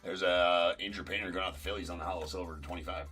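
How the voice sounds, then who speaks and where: A man's voice: sits low, steady tone, rapid-fire, few pauses, sharp tone, faint music behind. A man hosting a live card break stream, calling out pulled cards and bantering with viewers in chat.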